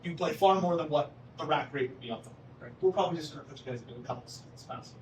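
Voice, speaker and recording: A man's voice: a little high, racing. Casual man presenting at a town hall. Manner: casual and joking, lots of "right?". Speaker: golf course manager presenting at a town hall. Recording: roomy, distant mic with faint background noise.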